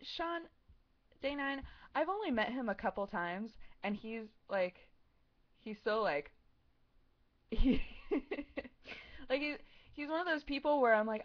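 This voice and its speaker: A young woman in her twenties answers viewer questions on a livestream in a rambling, giggly way, saying "like" and "um" constantly. Her voice is fairly high and very animated, a little slow, with frequent pauses. The stream audio is dull and lo-fi.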